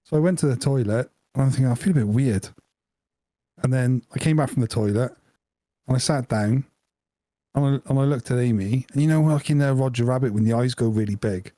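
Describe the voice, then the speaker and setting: A man with a mellow, relaxed tone, chatting casually and spinning a long, meandering story. His voice sounds dry and close, with no room around it. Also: mid-range voice, brisk, no room sound. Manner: rambling anecdote with laughs and acted-out quotes. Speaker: podcast co-host.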